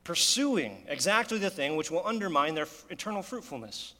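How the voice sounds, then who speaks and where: A man's voice: on the high side, big pitch swings, brisk, bright, forceful tone, in a large hall. A man preaching a sermon in an earnest, conversational way, often asking his listeners rhetorical questions. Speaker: pastor.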